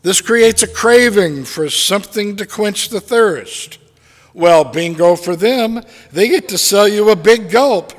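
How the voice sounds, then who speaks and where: A man preaching a sermon as a pastor, slow and deliberate with dramatic pauses. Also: high voice, expressive, long reverb tail.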